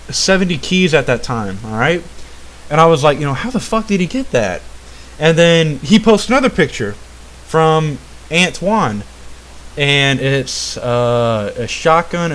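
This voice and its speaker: A man's voice: fairly high pitch, a bit bright, a little hiss or hum. A young man hosting a gaming vlog, ranting in a rambling way with constant swearing and a habit of asking "all right?". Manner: rambling, full of "uh" and restarts. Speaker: channel host. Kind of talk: profane gaming rant.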